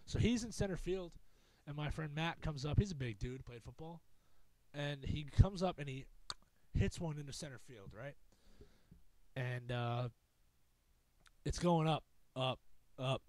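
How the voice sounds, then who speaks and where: A man's voice: a little high, animated, a little slow, a little mellow, dry recording. A young man hosting a podcast, telling a long rambling story in a casual, profane, self-mocking way. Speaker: podcast host.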